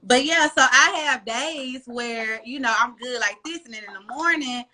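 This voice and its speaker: A woman guest on a podcast, telling animated stories in a casual, slangy way. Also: sits high, moderate pace. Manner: animated storytelling, slangy and playful. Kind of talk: casual chat.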